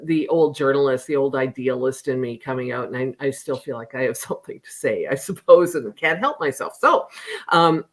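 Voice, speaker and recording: A middle-aged woman, an author guest, talking casually and hesitantly, with many pauses and restarts. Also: extremely low pitch. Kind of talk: casual interview chat.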